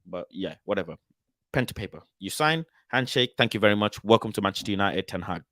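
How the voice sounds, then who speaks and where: A man's voice: lowish voice, expressive, fast, a bit bright, no echo, clean studio sound, pitched below the performer's own voice. A man playing a blunt club owner. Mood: businesslike. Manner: curt, matter-of-fact.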